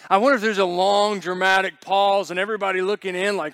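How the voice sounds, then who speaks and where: A male pastor delivers a sermon in a loose, conversational style, slipping in jokes and putting on little voices for the people in his story. His voice sits a bit high for a man and sounds smooth and clear. The sound is close and dry. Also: quick pace, hardly any pauses, a bit bright, no echo. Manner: conversational, joking asides, acts out quoted voices.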